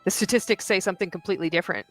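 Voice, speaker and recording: A woman's voice: fairly low pitch, very fast, soft background music. A woman hosting a commentary show, reacting to video clips in a blunt, sarcastic, critical way. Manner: mocks others by quoting them in exaggerated voices.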